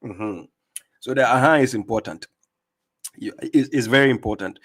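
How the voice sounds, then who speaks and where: A man's voice: mid-range voice, moderate pace, a bit bright, slightly rough. A man with a non-native English accent hosting a live stream, reading viewer comments aloud and commenting emphatically, often repeating his words. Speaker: livestream host.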